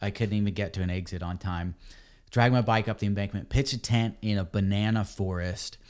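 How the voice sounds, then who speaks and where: A man, a podcast guest, telling a story in a casual, animated way and calling people dude and man. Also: on the low side, brisk. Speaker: podcast guest, ebike company cofounder.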